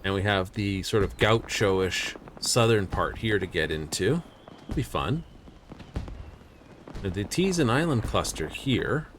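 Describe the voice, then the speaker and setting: Male streamer, low-pitched, loose musing commentary over a faint hiss. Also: animated, a little slow, fairly bright tone. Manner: rambling, thinks aloud while studying a map. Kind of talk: casual game-stream commentary.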